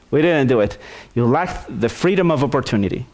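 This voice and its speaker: A male pastor preaching a sermon, telling a story in an animated way with many restarts and repeated words. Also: medium pitch, moderate pace.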